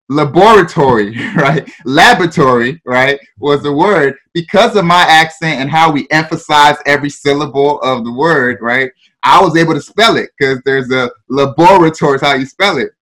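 A man with a Ghanaian accent shares his story as an interview guest. His voice sits a touch higher than most men's. He talks in a relaxed way, laughs as he goes and often tags on "you know". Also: normal speed.

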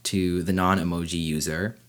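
A man's voice: deep voice, level tone, normal speed, a bit bright. A man hosting a casual podcast, joking around and teasing his co-host. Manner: playful, joking, laughs easily. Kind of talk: casual chat.

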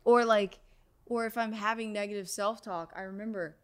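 A young woman, a sound healer, talks through a personal story in a relaxed interview. Her pitch sits in the middle range, and she keeps things animated and full of "like"s. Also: normal speed, smooth. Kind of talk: casual interview talk.

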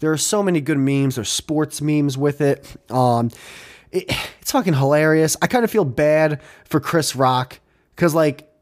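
Animated young man rambling on a podcast. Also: on the high side, a little slow. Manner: rambling, animated, swears a lot, laughs often, does mocking voices in quotes. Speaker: podcast host. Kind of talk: casual podcast chat.

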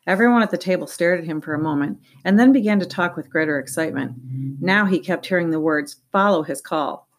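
A woman reading an audiobook aloud in a steady, even voice. Her pitch sits on the low side, and she makes the odd small slip as she goes. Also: quick pace, slight background noise. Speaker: audiobook narrator. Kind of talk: audiobook narration.

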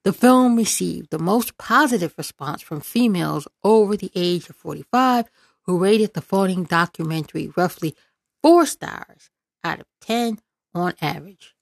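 A woman's voice: lowish voice, expressive, moderate pace, vocal fry, no echo. A woman political commentator who reads out news, then rants in a sarcastic, exasperated way, repeating words for emphasis.

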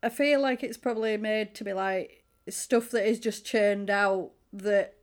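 A woman's voice: medium pitch, steady tone, a little slow. A woman chatting casually, retelling a film scene by scene with frequent laughter. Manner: chatty, giggly storyteller who acts out quotes. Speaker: podcast co-host. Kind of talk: casual chat recapping a film.

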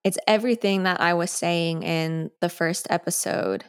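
A woman's voice: on the low side, fairly even intonation, moderate pace, smooth. Chatty young woman podcasting solo. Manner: chatty, sidetracked, frequent "like". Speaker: podcast host. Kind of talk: casual solo podcast talk.

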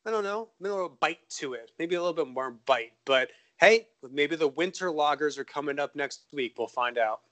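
A man's voice: on the high side, brisk, few pauses. Upbeat man co-hosting a beer podcast. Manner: upbeat, joking, animated. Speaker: podcast co-host. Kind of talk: casual beer-tasting chat.

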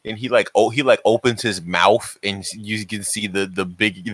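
A man role-playing his character at a tabletop game, his voice on the low side. He stumbles and repeats words, and his pitch jumps up in animated bursts. The sound is dry and close. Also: normal speed, dry recording. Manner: stammering, repeats words often. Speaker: player.

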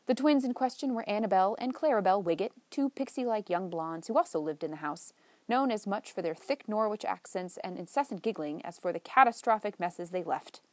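A woman narrating a novel in a measured, lightly wry storytelling manner. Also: medium pitch, expressive, a little mellow, no echo. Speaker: audiobook narrator. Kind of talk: scripted narration.

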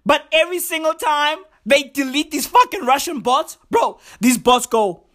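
A woman in a comedic rant, animated and shouty, full of profane slang. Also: high-pitched, normal speed.

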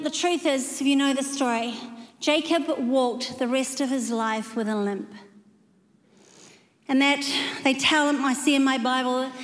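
A woman preaching a sermon in a church hall, emphatic and animated, acting out the quoted lines. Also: sits high. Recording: long echo of a hall.

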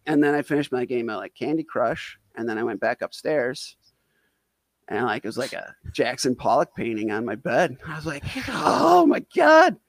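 A man's voice: mid-range voice, normal speed, no echo. Rambling man telling a comic story. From Wisconsin. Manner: rambling, heavy on "like" fillers, self-deprecating. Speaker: storyteller guest. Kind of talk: casual comedic storytelling.

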